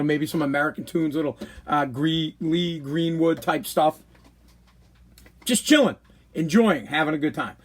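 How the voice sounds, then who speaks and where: A man hosts a casual podcast, rambling through a story on his own. He gets animated and repeats words as he goes, and his voice sits a little high. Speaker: podcast host.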